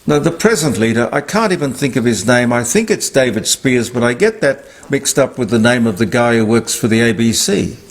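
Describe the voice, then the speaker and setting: An older Australian man with a medium-pitched voice delivers an emphatic, indignant political commentary monologue. He sounds animated and brisk, with few pauses, as he gives his opinions.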